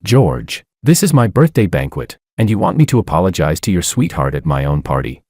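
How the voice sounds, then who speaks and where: A man's voice: low voice, sing-song, fairly quick, darkish tone, slightly rough, no echo, studio quality, exaggerated voice. A man voicing a hurt young wife who answers in stung disbelief. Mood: disbelieving. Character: hurt, proud young wife on her birthday.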